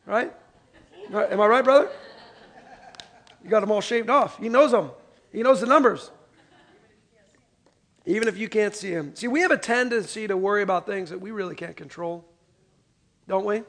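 High-voiced pastor preaching conversationally. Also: male voice, normal speed, pauses often. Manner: conversational preaching, asks the congregation to respond; swings from loud emphasis to soft, quiet lines. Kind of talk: sermon.

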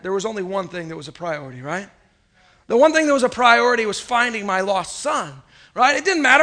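A man in his thirties preaching a sermon, telling a family story with animated swings between loud and soft and calling on the congregation to repeat phrases. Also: high voice. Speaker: pastor.

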